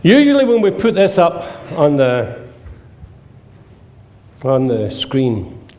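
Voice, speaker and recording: An older man presents a humorous seminar to a live audience. His voice sits a bit high for a man and swings widely in pitch. He tells jokey stories and acts out the dialogue in them. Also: a little mellow.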